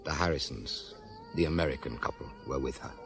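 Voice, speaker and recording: A dry-witted male police inspector in a radio play, his voice very low and steady. He narrates and makes small talk with an understated, wry edge, faint music drifting underneath. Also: a little fast, creaky. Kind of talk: radio drama acting.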